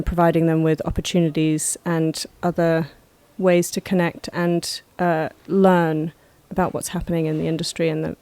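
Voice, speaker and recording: A woman's voice: lowish voice, dark tone. A young woman, a musician and actor, chatting playfully as a podcast guest in a studio, laughing often. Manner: playful, laughs often, does quick silly voices. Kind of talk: casual chat.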